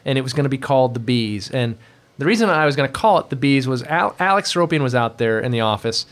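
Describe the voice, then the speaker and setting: A man telling rambling, animated stories in a casual chat, jumping into quick impressions of the people he describes. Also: mid-range voice. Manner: rambling, animated storyteller who acts out quoted people. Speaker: podcast guest telling stories.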